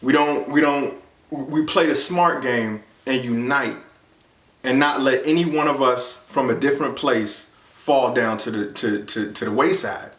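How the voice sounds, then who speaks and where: Casual male vlogger, earnest and rambling, mid pitch, roomy echo. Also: far from the mic. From United States. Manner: rambling, earnest, many fillers and restarts; grows animated and higher when excited. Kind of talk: casual monologue. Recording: echoey room, off-mic.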